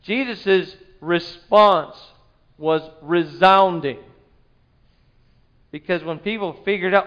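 A man preaching a sermon, telling the story with animated delivery and acting out the quoted voices. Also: high-pitched, takes it slowly, dull audio. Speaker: pastor.

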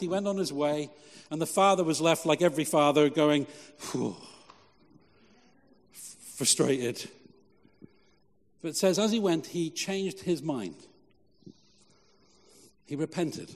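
A man preaching a sermon, reading scripture and then explaining it in an animated way, often asking the congregation questions. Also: fairly high pitch, normal speed, long pauses. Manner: animated, restarts with repeated "and", asks the congregation questions. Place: church. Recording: long hall reverb.

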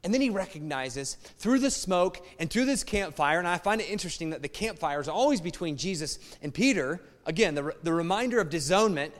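A man's voice: sits high, lively intonation, a little fast, few pauses. A man preaching a sermon in an emphatic, conversational way and often appealing directly to his listeners. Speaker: pastor. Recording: long reverb of a large hall.

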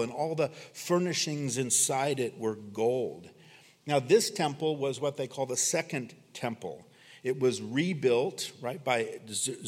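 Man preaching in a reverberant hall. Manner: earnest, dramatic pauses when reading scripture, trailing low at phrase ends. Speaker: pastor. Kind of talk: expository sermon. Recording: long reverb of a church hall.

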